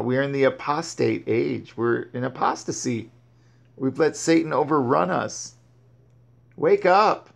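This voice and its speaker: A man's voice: medium pitch, creaky. A man reading Bible verses aloud and breaking off to explain and exhort. He often stumbles and restarts his words. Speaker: Bible teacher. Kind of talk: scripture reading with commentary.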